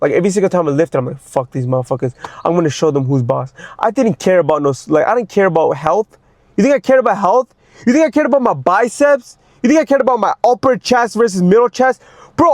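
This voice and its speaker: A man's voice: high-pitched, no room sound, clean studio sound. A young man and fitness coach in an unscripted personal monologue, intense and ranting, swearing heavily and repeating himself as he gets worked up. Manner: repeats words when worked up.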